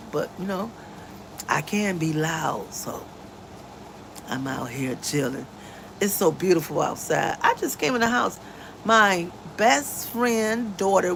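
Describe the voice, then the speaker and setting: A woman livestreaming from home into her phone, talking with big swings of pitch and a gravelly edge to her voice. She speaks slowly and emphatically, leaning into a preachy tone. A faint hum of background noise sits under her voice. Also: poor audio. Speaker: livestream host. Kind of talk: casual livestream talk.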